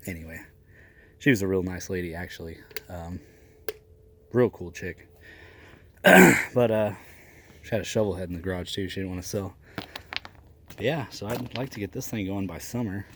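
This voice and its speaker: A man's voice: sits low, moderate pace, long pauses, fairly bright tone, slight background noise. A man, telling a casual, profane, rambling story about old cars. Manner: profane, rambling, laughs often. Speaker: garage vlogger.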